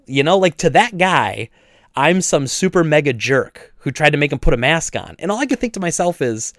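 A man's voice: a little high, brisk, no room sound, clean studio sound. Indignant man telling a store story. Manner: animated retelling, acts out both sides with frequent restarts. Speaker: video game store owner. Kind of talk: casual storytelling chat.

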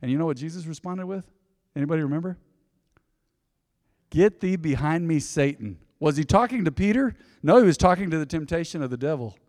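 In a large hall with long reverb, a male pastor delivers a conversational sermon and frequently asks the congregation questions. He talks fast and expressively in a fairly high, darkish voice.

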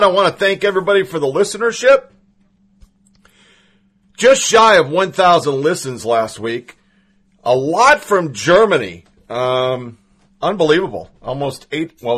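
A man's voice: a little high, fairly bright tone, husky. Chatty male political podcast host. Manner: chatty, opinionated, stumbles over names. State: has the hiccups. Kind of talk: casual political podcast monologue.

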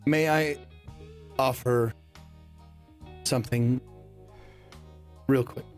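A man's voice: mid-range voice, steady tone, very slow, faint music behind. A man playing a tabletop role-playing game in character, polite and formal, addressing others as sir. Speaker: tabletop player.

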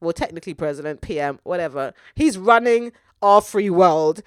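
A woman's voice: on the low side, expressive, moderate pace, clean tone, no room sound, clean studio sound. A woman, co-hosting a podcast in casual, swearing chat. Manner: chatty, swearing, laughing. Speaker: podcast co-host.

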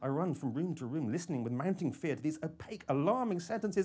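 A man reading a first-person thriller audiobook with an intense delivery that moves between hushed and urgent. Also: fairly high pitch, expressive, fast talker, breathy edge. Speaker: audiobook narrator.

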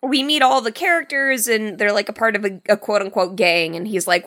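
Bright-voiced woman recapping a movie. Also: medium pitch, brisk. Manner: wry, recaps the plot with mock disbelief. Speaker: podcast co-host. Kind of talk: casual movie review chat.

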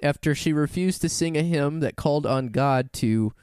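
A man's voice: on the high side, moderate pace, clear, resonant tone, no echo, clean studio sound. A man co-hosting a podcast, casually telling a story, laughing often and correcting himself as he goes. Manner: laughs often, animated, rambling with self-corrections. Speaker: podcast co-host.

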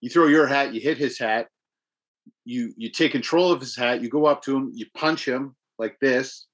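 A man's voice: mid-range voice, normal speed. Man telling gaming stories, swears freely. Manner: swearing, animated storytelling about games. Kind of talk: casual chat.

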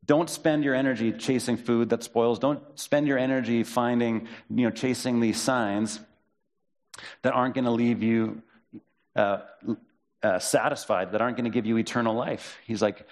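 A man preaching a sermon as pastor, in a conversational way, reading and paraphrasing scripture with lively quoted voices. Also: medium pitch, moderate pace.

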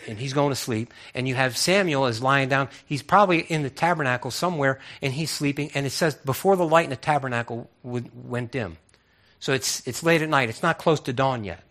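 A man preaching a sermon as a pastor, telling the story with lively acted-out voices and frequent repeated words. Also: mid-range voice.

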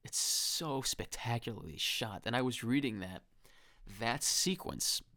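A man's voice: medium pitch, expressive, unhurried, bright, forceful tone, no echo, studio quality. A man in his twenties hosting a podcast, talking through a horror film in a rambling, enthusiastic way. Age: 20s. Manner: enthusiastic, rambling, with restarts and quoted lines. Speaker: podcast host. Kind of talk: casual film commentary podcast.

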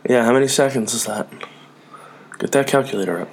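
A man's voice: mid-range voice, brisk, a little hiss or hum. A man co-hosting a casual podcast, making dry, sarcastic wisecracks. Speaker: podcast co-host. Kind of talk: casual chat.

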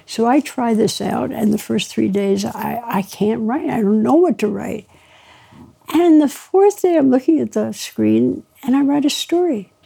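A woman author, interviewed, telling lively anecdotes and acting out bits of dialogue with frequent laughs. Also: a little high, a little slow, gravelly, slightly rough. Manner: lively raconteur, mimics dialogue, laughs often. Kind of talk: anecdotal storytelling.

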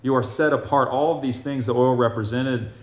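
Man, preacher, sermon, earnest, loud readings and soft asides, reverberant room. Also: mid-range voice, fairly even intonation, fairly quick.

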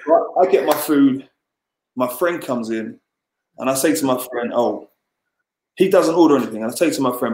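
A man's voice: mid-range voice, moderate pace, darkish tone. A man casually telling a long personal story as a podcast guest, rambling, with lots of fillers and restarts. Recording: roomy echo.

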